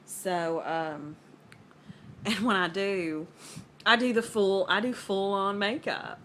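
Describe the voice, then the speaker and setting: A woman's voice: mid-range voice, fairly even intonation, takes it slowly, fairly bright tone, a little hiss or hum. A woman in her thirties with a Southern US accent, rambling casually to the camera at home. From American South. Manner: rambling, filler-heavy, conversational. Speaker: vlogger.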